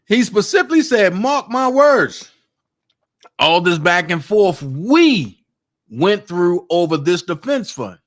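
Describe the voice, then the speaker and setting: A man giving casual livestream commentary, talking straight to his viewers and repeating his points with emphasis. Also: a little high. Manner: emphatic, repeats points to drive them home; confrontational, talks straight to viewers. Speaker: online commentator.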